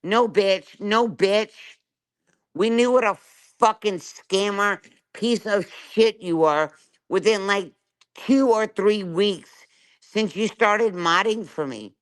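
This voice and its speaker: A woman's voice: medium pitch, takes it slowly. A middle-aged woman ranting angrily on her livestream, swearing and confronting someone, and keeps asking "right?". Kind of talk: angry live-stream rant.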